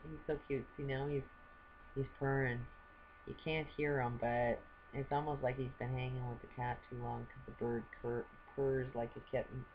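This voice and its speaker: A woman's voice: rumbling low, little pitch movement, moderate pace, highs cut off, a little hiss or hum. An older woman vlogging at home, chatting to camera in a rambling way and laughing often. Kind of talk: casual chat to camera. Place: at home with a pet bird.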